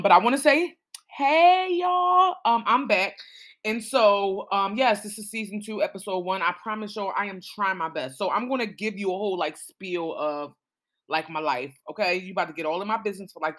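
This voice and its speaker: A woman's voice: medium pitch, fairly bright tone. Rambling, profane woman podcast host. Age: 30s. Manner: addresses listeners as y'all. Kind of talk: casual solo podcast chat.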